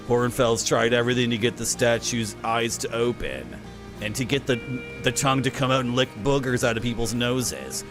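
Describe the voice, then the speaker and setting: A man's voice: medium pitch, lightly acted. A man reading aloud the lines of a friendly young alien museum keeper, chuckling as he goes. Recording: faint music behind.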